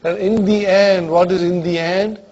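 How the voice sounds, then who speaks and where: A man's voice: sits high, steady tone, moderate pace, a little mellow, lo-fi sound. A man teaching an Arabic grammar class, often asking whether students follow and calling on them by name. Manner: checks understanding often, calls on students by name.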